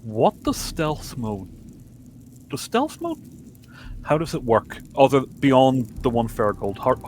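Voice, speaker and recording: A man's voice: medium pitch, big pitch swings, slow pace, a little mellow, slight background noise. A man playing his character in a tabletop game, musing and trailing off. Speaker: player.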